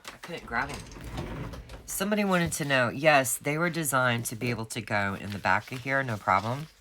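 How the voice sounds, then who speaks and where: Woman, very low voice, chatty and rambling, casual planner vlog, faint background noise. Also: normal speed, a bit bright. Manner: chatty, rambling, talks straight to viewers. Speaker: planner sticker shop owner.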